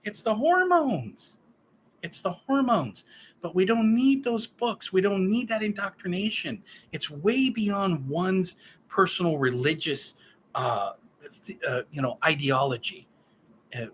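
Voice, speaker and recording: A man's voice: sits high, unhurried, slight background noise. A man in his fifties giving a solo political rant, profane, sarcastic and heated. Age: 50s. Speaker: political commentator.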